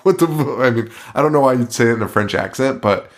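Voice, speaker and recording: A man's voice: medium pitch, lively intonation, fast talker. A man hosting a podcast in casual chat, swearing a lot and laughing often as he rants. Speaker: podcast host.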